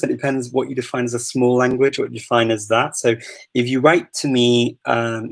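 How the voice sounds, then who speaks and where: Gravelly Scouse man hosting a live Q&A. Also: mid-range voice, low-quality recording. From Liverpool, England. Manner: chatty, laughs often, many ums and restarts. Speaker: host of a live Q&A. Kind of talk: casual live Q&A chat.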